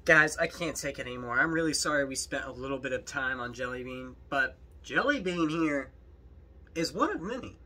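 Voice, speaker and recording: A man's voice: medium pitch, expressive, normal speed, pushed and bright. A young man commenting on videos in a jokey, rambling, exasperated way. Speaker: youtube commentator. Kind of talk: reaction commentary.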